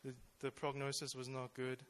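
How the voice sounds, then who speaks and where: A man's voice: medium pitch, monotone, moderate pace, fairly bright tone. A young man speaking at church in a casual, conversational sermon, full of fillers and questions to his listeners. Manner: informal, with many fillers and rhetorical questions.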